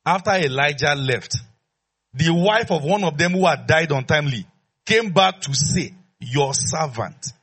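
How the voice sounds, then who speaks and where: A man's voice: a little high, animated, moderate pace, a bit bright, slightly rough. A man preaching a sermon as pastor, emphatic, repeating his phrases and leading call-and-response with the congregation.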